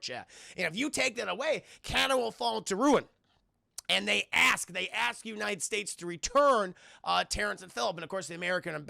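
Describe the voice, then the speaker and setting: A high, gravelly young man tells a movie's plot to his live chat, laughing and swearing as he goes. His voice is bright and edgy, recorded close and dry. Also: no room sound. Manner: laughs often, swears freely, acts out quotes. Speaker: film reviewer streaming live. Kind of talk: excited scene-by-scene movie recap to a live chat.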